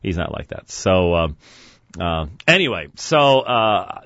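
A man's voice: low-pitched, gravelly, dry recording. A man hosting a call-in webcast in a studio, talking casually with sarcastic asides. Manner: sarcastic, lively, quick asides and chuckles. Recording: dull dry studio sound.

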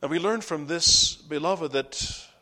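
Slow, dramatic male preacher. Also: a little high. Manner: dramatic swings from hushed whispers to loud fervent climaxes; slow deliberate phrasing with repeated cries. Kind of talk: sermon.

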